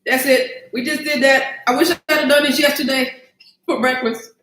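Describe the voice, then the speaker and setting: A woman's voice: sits high, fairly even intonation, moderate pace, a bit bright, roomy sound, poor audio. A woman hosting a casual cooking livestream, chatting to viewers as y'all and thinking aloud as she cooks in her home kitchen.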